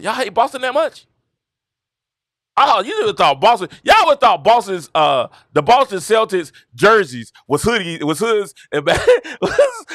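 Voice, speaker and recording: Guy from georgia, lively sports talk host, pitch jumps all over, dry close sound. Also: no room sound. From Georgia, USA. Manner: animated, repetitive storytelling with laughs. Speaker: show host. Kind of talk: casual commentary livestream.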